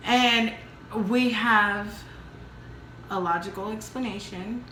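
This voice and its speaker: Woman, bright tense voice, casual mukbang chat, halting and emotional, roomy echo. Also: mid-range voice, a little hiss or hum. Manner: open, emotional, talks in halting restarts. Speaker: vlog co-host. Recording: echoey room.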